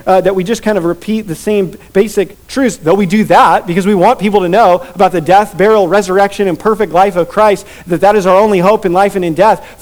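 A man preaching from the pulpit in an earnest, building sermon voice. His voice sits fairly high for a man, and he drives his points home with emphatic repetition. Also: a little mellow. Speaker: pastor.

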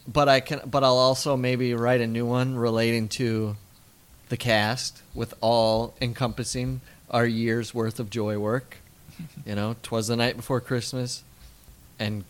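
A man's voice: medium pitch, level tone, measured pace, clean tone. A man co-hosting a casual podcast, rambling and trailing off, with a cold. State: has a cold. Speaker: podcast co-host.

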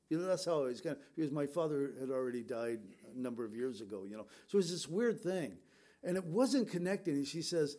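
A man's voice: fairly high pitch, brisk, a little mellow. A middle-aged man pastor speaking to his congregation in a conversational, storytelling way, with fillers and restarts. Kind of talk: sermon.

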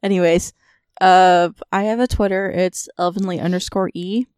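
A woman playing a tabletop game, chatting in a lively, sarcastic way. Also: on the low side, normal speed, clear, resonant tone, dry recording, clean studio sound. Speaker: player. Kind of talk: casual tabletop game chat.

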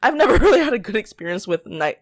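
A woman's voice: fairly high pitch, very animated, fast. A young woman co-hosting a casual podcast, telling stories full of "like" and acting out what other people said. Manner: chatty storyteller, lots of "like", acts out quotes, laughs often. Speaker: podcast co-host.

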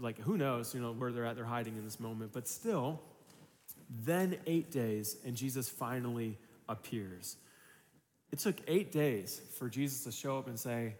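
A man's voice: medium pitch, normal speed, darkish tone, long reverb tail, slight background noise. A man in his thirties preaching a sermon as pastor, casual and conversational, slipping into voices for the people in his story.

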